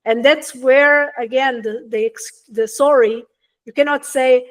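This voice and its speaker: A woman's voice: sits high, steady tone, unhurried. A woman parenting coach, a guest in an interview, who explains her points in an earnest and emphatic way.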